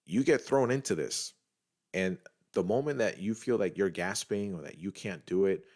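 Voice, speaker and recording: A middle-aged man from Puerto Rico talks casually on a podcast with a very deep, low voice. He is animated, stumbles and restarts his phrases, and keeps turning to his listeners as he makes his point. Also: normal speed. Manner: animated, repetitive restarts, addresses listeners as guys. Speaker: podcast co-host, trading group leader.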